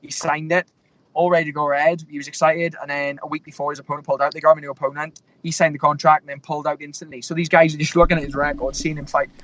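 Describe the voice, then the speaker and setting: A man's voice: on the high side, little pitch movement, very fast, a bit bright, dull audio. A young man in his twenties, a fighter, rambling through stories with lots of fillers and restarts. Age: 20s. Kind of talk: casual interview storytelling.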